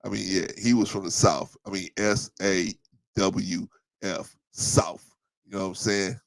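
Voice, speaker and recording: A man's voice: low voice, steady tone, unhurried, gravelly, dry recording. A middle-aged man hosting a casual livestream, telling stories in a laid-back way, repeating himself and reading out chat comments. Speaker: livestream host. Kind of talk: casual live-stream chat.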